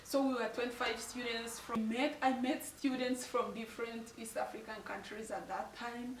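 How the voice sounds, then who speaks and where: A woman's voice: a little high, fairly even intonation, moderate pace, roomy sound, distant mic, a little hiss or hum, low-quality recording. A young woman from Tanzania telling a personal story on her vlog, emotional and apologetic, laughing through tears. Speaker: vlogger.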